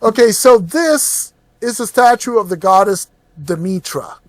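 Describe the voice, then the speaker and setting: A man narrating as game master of a tabletop session, relaxed and given to restarts. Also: high voice, measured pace, no room sound.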